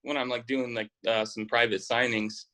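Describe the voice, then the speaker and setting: Young guy, bright-toned, easygoing, rambling interview guest. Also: medium pitch, normal speed, poor audio. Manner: relaxed, rambling with fillers. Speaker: football quarterback guest. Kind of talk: casual interview chat.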